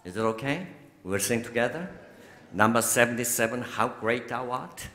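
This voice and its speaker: Long reverb from a big church sanctuary surrounds a man in his sixties, a bishop with a Korean accent, as he tells sermon stories in a warm, slow, deliberate way and laughs frequently. His voice is mid-range and expressive.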